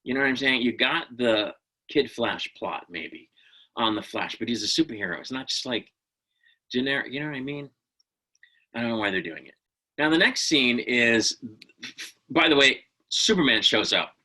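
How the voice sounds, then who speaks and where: A man with a bright, forceful voice, talking through a TV episode review. He rants and cuts himself off to restart his sentences. His speaking pitch sits in the middle range. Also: animated, moderate pace, pauses often, low-quality recording. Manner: opinionated, ranting, many restarts. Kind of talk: casual spoken TV review.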